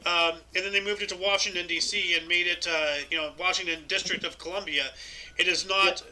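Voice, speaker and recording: A man's voice: high voice, fairly even intonation, brisk, pushed and bright, rough recording. A young man co-hosting a casual talk show, reading news stories aloud with stumbles and asides. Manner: reads articles with stumbles and asides. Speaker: podcast co-host reading news.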